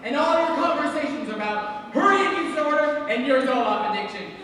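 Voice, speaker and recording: A man's voice: very high voice, expressive, brisk, sharp tone, full character voice. A young man playing a lonely, wistful middle-aged theatre fan who confides in the audience on a school stage. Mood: confiding. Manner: confiding, chatty asides to the audience. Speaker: stage actor. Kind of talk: school stage musical performance. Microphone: distant room mic. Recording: echoey hall from far off.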